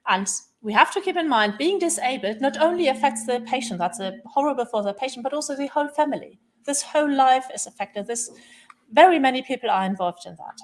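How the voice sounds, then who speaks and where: A woman's voice: high voice, animated, brisk, a little mellow. A woman neurologist with a German accent, giving a training lecture in a study centre room and stressing points by repeating words. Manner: emphatic, repeats "very, very".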